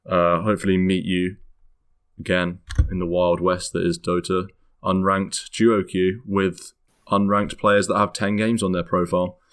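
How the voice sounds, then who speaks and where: A man's voice: low-pitched, flat delivery, measured pace, fairly bright tone, clean tone. A British man hosting a casual podcast chat, rambling and correcting himself as he goes. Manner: rambling, self-correcting, laughs often. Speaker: podcast host.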